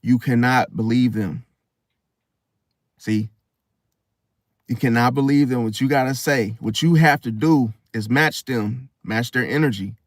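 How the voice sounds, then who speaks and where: A man's voice: medium pitch, unhurried, pauses often, no echo, clean studio sound. A man ranting bluntly in a casual monologue as host, swearing and acting out quoted voices. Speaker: astrology channel host.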